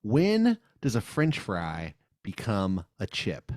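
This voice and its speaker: A man's voice: fairly low pitch, huge pitch swings, takes it slowly, darkish tone, no echo, clean studio sound. A man co-hosting a comedy podcast, chatting casually and playfully about food and joking around. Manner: playful, slips into joking mock accents. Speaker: podcast co-host, food segment host.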